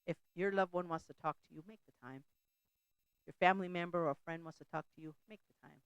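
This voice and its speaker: Gravelly-voiced woman preaching casually. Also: lowish voice, steady tone, fast, no room sound, poor audio. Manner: chatty, laughs often, breaks off and restarts mid-thought. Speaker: host of a faith talk show.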